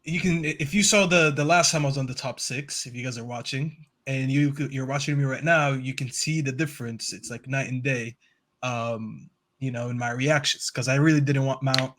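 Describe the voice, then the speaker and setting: A man's voice: mid-range voice, steady tone, moderate pace, a bit bright. Earnest rambling man panelist. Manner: earnest, rambling, lots of "um" fillers. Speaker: football fan panelist. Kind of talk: casual panel chat.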